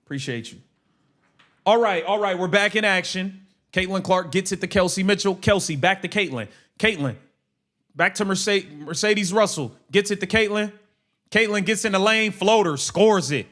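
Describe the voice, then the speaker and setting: Male streamer, slightly high voice, heated slangy play-by-play and rants. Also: moderate pace, a bit bright. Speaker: live stream host. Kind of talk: casual live watch-along commentary.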